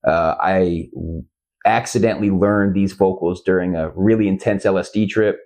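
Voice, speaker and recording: A man's voice: deep voice, fairly even intonation, normal speed, darkish tone. A man from Central Illinois, a guest musician, telling a story in a casual podcast interview, rambling and swearing often. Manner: rambling and profane, often asks "you know what I mean".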